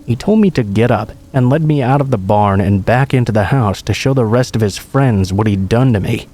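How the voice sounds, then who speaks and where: Mellow-voiced man narrating a horror story. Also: medium pitch, normal speed, slight background noise. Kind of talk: scripted narration.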